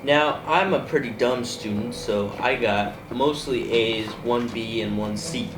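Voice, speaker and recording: A man's voice: medium pitch, unhurried. A teenage boy hosting a casual podcast chat with his brother, rambling and often laughing. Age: teens. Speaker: host. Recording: echoey room, distant mic, noisy.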